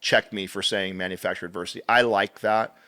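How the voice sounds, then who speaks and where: Low-voiced man telling stories animatedly. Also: brisk. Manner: animated storyteller, acts out quotes, swears casually. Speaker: podcast guest. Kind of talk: casual interview storytelling.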